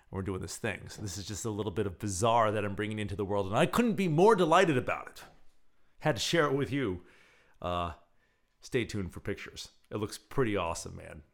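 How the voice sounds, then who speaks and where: A man hosting his own radio show, talking casually and acting out scenes as he tells stories. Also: fairly low pitch. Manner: animated storyteller who acts out scenes.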